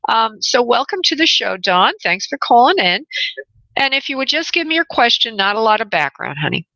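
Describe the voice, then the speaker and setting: Gravelly New woman giving readings. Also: fairly high pitch, very animated, moderate pace, bright, forceful tone, no echo, highs cut off. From New York. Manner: motherly, calls callers honey, direct and firm. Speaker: radio show host and spirit medium. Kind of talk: call-in radio reading.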